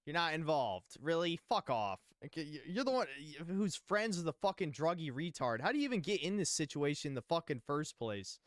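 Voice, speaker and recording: A man's voice: fairly high pitch, sing-song, fairly quick, few pauses, no room sound, studio quality. A man streaming a live reaction, heckling the video with blunt, scornful remarks. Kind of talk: mocking live reaction commentary.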